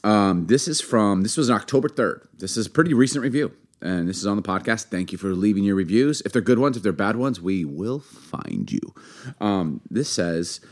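A man's voice: on the low side, lively intonation, moderate pace. A man co-hosting a casual podcast, joking around as he reads listener reviews aloud. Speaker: podcast co-host. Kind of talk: casual chat.

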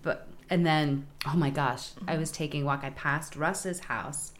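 A middle-aged woman, a comedian, chatting casually on a podcast, telling animated stories and acting out the voices of the people in them. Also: sits low, unhurried. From Delaware. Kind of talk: casual chat.

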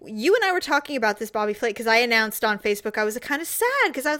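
Animated woman chatting, bright tone. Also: a little high, fast talker, few pauses. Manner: animated storyteller, laughs often. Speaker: podcast co-host. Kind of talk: casual chat.

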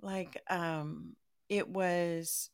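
Animated, laughing woman telling stories. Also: lowish voice, drawn-out words, clear, resonant tone, no echo, clean studio sound. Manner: animated storyteller, laughs often. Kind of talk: casual chat.

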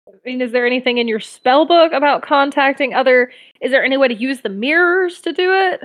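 Lively high-voiced woman player. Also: brisk. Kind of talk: casual tabletop play.

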